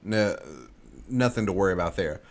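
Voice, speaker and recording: A man's voice: sits low, normal speed. A man from the Southern US hosting a podcast, reading out football matchups and asking his co-hosts for their picks in an upbeat, casual way. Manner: upbeat, runs through matchups and asks for picks. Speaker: podcast host. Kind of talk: casual sports chat.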